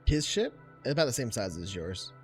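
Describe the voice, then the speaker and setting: A man's voice: mid-range voice, very animated, normal speed, soft background music. A man running a tabletop game as game master, explaining things in a casual way.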